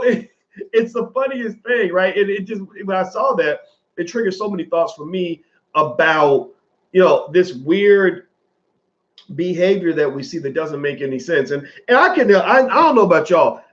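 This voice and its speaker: A man's voice: high voice, moderate pace, muffled recording. A man in his forties giving casual, rambling commentary straight to his viewers, swearing freely.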